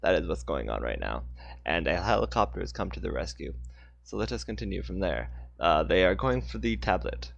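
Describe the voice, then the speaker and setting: A man's voice: low-pitched, very animated, a little fast, gravelly, no room sound, lo-fi sound. A man reading his own story aloud on a live stream, with casual asides and self-corrections. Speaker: author reading his book.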